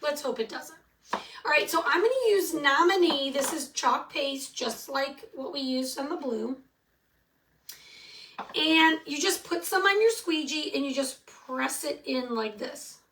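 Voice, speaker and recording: Woman, high voice, middle-aged, chatty live craft tutorial, a bit far from the mic. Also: unhurried, fairly bright tone. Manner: chatty, answers viewer comments. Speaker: craft tutorial host selling supplies.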